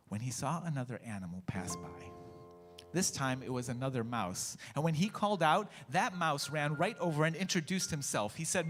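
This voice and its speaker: A man tells a story to a congregation in an expressive, animated way. His voice sits fairly high. The sanctuary adds a long reverb, with faint music underneath. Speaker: worship leader and storyteller. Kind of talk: storytelling in a worship service. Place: church sanctuary. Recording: echoey church hall, faint music.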